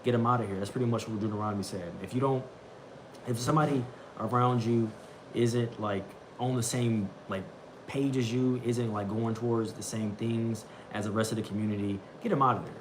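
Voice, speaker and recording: A man's voice: mid-range voice, fairly even intonation, a little fast, background noise. A young man hosting a casual livestream, rambling and repeating himself, often saying bro as he talks about a daily Bible reading.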